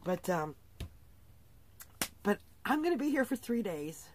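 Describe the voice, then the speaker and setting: A woman's voice: medium pitch, sing-song, measured pace, a little hiss or hum. A middle-aged woman telling a rambling travel story to her vlog audience from her RV, tired at the end of the day, laughing often and acting out the people she quotes. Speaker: vlogger. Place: inside her RV.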